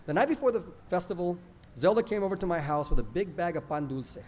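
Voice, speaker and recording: A man's voice: high voice, fast. A man narrating a first-person childhood story in a plain, conversational way. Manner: lively, plainspoken, conversational retelling.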